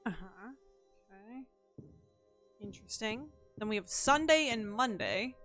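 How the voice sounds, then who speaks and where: A woman's voice: a little high, lively intonation, a little slow, a bit bright, faint music behind. A young woman streaming a mystery game, chatting casually, thinking aloud and thanking her chat.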